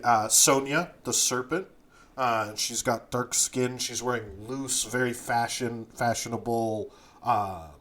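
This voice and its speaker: A man narrating a tabletop game as game master, unhurried and full of fillers. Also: fairly low pitch, fairly bright tone.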